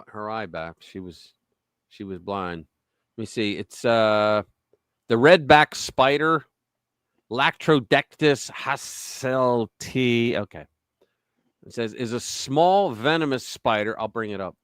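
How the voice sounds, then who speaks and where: A man hosting a live stream, reading an opinion piece aloud in an animated, mock-dramatic way, then chatting casually. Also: fairly low pitch, unhurried, clear, resonant tone, dry recording. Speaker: host of a political live stream.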